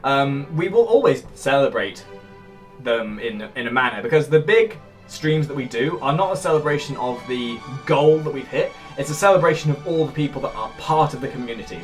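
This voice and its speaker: A man's voice: mid-range voice, a little fast, soft background music. A young man from England with an upper-class sounding English accent, chatting casually and jokily as a YouTuber answering viewer comments. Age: young adult. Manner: animated and jokey, with bursts of loud shouting. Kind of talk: casual vlog chat.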